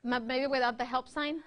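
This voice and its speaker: Her voice is high-pitched with a fairly bright tone. She's presenting a workshop and guiding a breathing exercise, teaching conversationally and keeping things interactive by frequently asking "right?".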